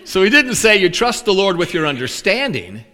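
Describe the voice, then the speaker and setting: A man's voice: sits high, sing-song, moderate pace, bright, forceful tone. A man preaching a sermon in a folksy, joking storytelling manner. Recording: long hall reverb.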